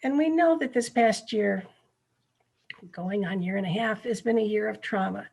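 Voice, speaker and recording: A woman's voice: mid-range voice, normal speed, gravelly, a little mellow, breathy edge. A middle-aged woman presenting a ministry workshop over a video call, speaking earnestly and checking in with her listeners.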